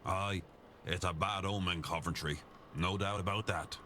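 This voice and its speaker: A man's voice: deep voice, steady tone, moderate pace, sharp tone, a little hiss or hum. An actor voicing a blunt, sardonic Irishman in a mystery game, speaking. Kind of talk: game voice acting.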